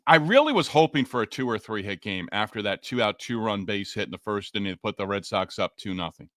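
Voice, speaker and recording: A man hosting a solo sports podcast, talking straight to listeners in an energetic, emphatic way. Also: fairly low pitch, a little fast, no room sound, clean studio sound. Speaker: podcast host.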